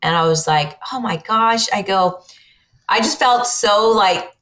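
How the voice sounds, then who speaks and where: A woman's voice: mid-range voice, a little slow. A middle-aged woman telling a family story as a podcast guest, chatty and rambling, with many fillers. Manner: chatty, rambling, heavy use of fillers like "you know" and "like"; acts out family conversations with lively quoted voices. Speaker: guest, mother and business owner. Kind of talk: casual storytelling in a podcast interview.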